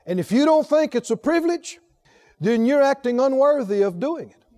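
A man delivers an emphatic sermon, peppering the congregation with rhetorical questions. He swings between soft, low asides and loud exhortation.

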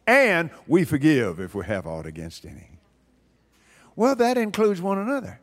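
A man's voice: on the high side, wildly swooping pitch, moderate pace. An older man preaching a sermon in a folksy, emphatic way, repeating phrases for stress. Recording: long hall reverb.

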